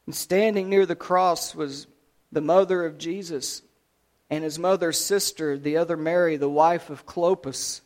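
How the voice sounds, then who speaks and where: A man preaching a sermon, retelling a scripture story dramatically, swinging between loud and hushed delivery. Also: on the high side, fairly even intonation, unhurried.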